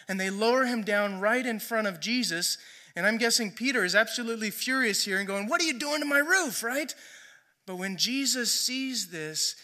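A man's voice: high voice, bright, forceful tone. A man preaching a sermon in a conversational storytelling way, often checking in with "right?". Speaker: pastor.

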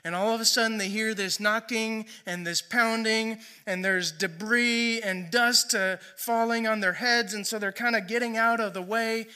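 A man's voice: sits high, fairly even intonation, moderate pace, hardly any pauses, sharp tone, clean tone. A man preaching a sermon in a conversational storytelling way, often checking in with "right?". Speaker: pastor.

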